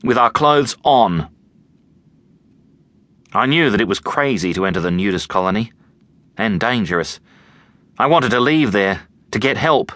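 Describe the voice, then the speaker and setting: Lively, bright-voiced male audiobook narrator. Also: lowish voice, dry recording. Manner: expressive, tense storytelling. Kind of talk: first-person scripted narration. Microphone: close studio mic.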